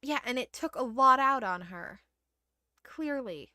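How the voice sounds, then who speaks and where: A woman giving casual, animated gameplay commentary, blunt and swearing when upset. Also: sits high, a little slow, no echo. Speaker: streamer playing a video game.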